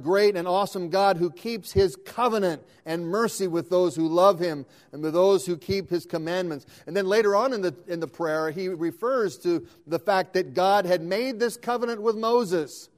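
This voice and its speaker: A man preaching a sermon, earnestly calling out scripture verse by verse and restarting words as he goes. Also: high-pitched.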